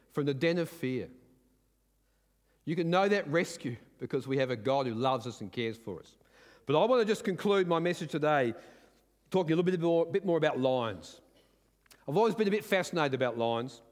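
An older man preaching a sermon as pastor, earnest and building to forceful emphasis. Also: on the high side, long reverb tail. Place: church.

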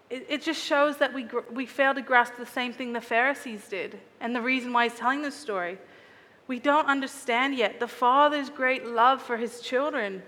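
A woman's voice: a little high, fairly bright tone, big-room sound. A woman preaching a sermon in an earnest, reflective way, often asking her listeners searching questions.

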